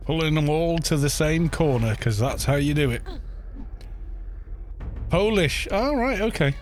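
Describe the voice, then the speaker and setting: His voice is fairly high and animated, at a measured pace, with faint music in the background. The middle-aged Welsh man is streaming a game, joking with viewers and answering chat with stumbles and laughter.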